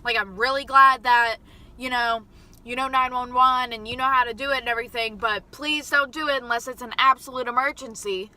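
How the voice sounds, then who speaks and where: A woman voicing a polite male police officer who gently scolds, in a calm, kindly way, while telling a story. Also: a little high, brisk. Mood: gently scolding.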